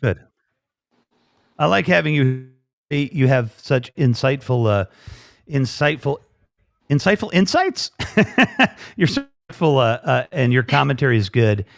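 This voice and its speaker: A man's voice: medium pitch, lively intonation, unhurried, creaky, long pauses, dry recording. Rambling, joking male stream host. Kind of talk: casual chat.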